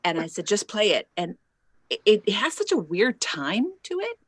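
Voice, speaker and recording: Her voice is medium-pitched with a breathy edge, moving at a moderate pace with no echo. A singer-songwriter guesting in an online interview, she animatedly tells casual stories on a lapel mic, acting out what others said with laughs.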